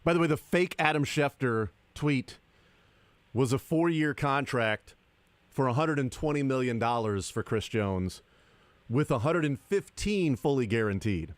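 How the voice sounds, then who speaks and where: Man, sports radio host, deadpan sarcasm, studio mic, dry close sound. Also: medium pitch, unhurried, dry recording. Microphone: studio microphone.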